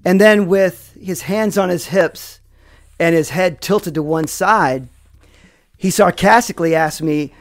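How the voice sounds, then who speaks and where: A man telling a personal story in a slow, dramatic way, full of fillers. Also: high-pitched, dry recording, studio quality, soft background music. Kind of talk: first-person spoken storytelling.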